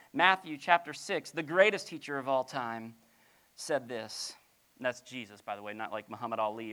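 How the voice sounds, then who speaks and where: A middle-aged pastor delivers a sermon in a bright, crisp voice. The pitch swoops widely as they move between playful acted-out asides and hushed, low emphasis, with many rhetorical questions. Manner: drops to a soft, low voice on key lines.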